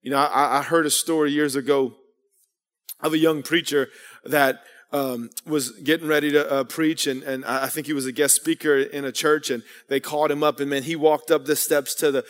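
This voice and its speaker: A man's voice: on the high side, flat delivery, normal speed. A man preaching an earnest sermon as pastor, telling stories and calling out to the congregation. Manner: earnest preaching with storytelling and call-outs. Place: church sanctuary. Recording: long reverb of a church hall.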